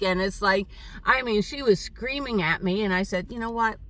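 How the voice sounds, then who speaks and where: An older woman telling a rambling, halting story in a casual vlog monologue, with many fillers. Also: mid-range voice, a bit bright, recorded from a distance. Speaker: vlogger. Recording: voice set back from the mic.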